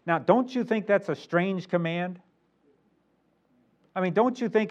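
A man preaching a sermon, reading King James verses aloud and growing louder on key points. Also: sits high, measured pace, pauses often, muffled recording.

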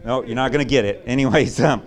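A man preaching a sermon as pastor, swinging between loud, excited bursts and hushed, low asides. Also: fast talker.

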